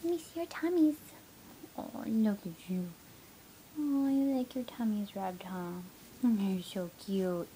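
A woman talking baby talk to her puppy at home, cooing in a sing-song voice and dropping into soft whispers. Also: medium pitch, slow pace, a little hiss or hum, poor audio. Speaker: pet owner filming her puppy.

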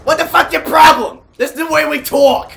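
Brief: young man doing an obnoxious nerd gamer, high gravelly yell. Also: steady tone, moderate pace, slight background noise, exaggerated voice. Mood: taunting. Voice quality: high strained gravelly voice, yelling. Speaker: prank caller in online game. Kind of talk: trolling in-game voice chat.

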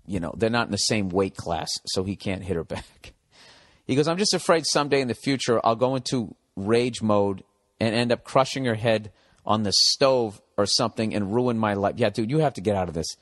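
A man's voice: lowish voice, moderate pace, dry recording, clean studio sound. A man in his forties from the United States, hosting a comedy podcast in a blunt, profane, ranting monologue, giving advice. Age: 40s. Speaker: podcast host.

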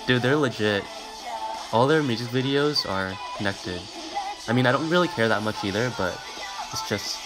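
A young man in a casual live stream, talking in a flat, monotone way while he reacts to videos and reads out comments. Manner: monotone, low-key; rambling, filler-heavy, reads comments aloud. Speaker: livestreamer reacting to music videos. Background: pop music playing.

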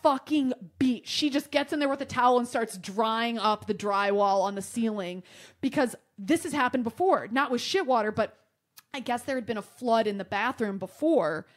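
Guesting on a podcast, this young Michigan woman spins a funny story in loose conversation, cursing freely with an animated, exaggerated manner. She speaks at a moderate pace in a fairly high voice.

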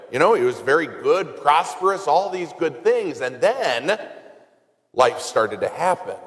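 A man, a parish priest, giving a conversational homily with wry humor and told stories. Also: on the high side. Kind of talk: sermon. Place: church. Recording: church with long reverb.

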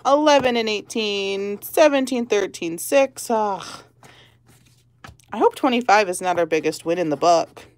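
A woman's voice: medium pitch, animated, a little slow. A woman hosting a lottery-ticket channel, chatting casually and giggling as she calls out numbers one by one. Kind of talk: casual chat while scratching tickets.

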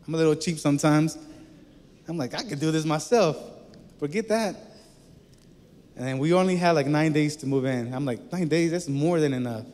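Male preacher, slightly high voice, chatty storytelling sermon, echoey hall. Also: a little mellow.

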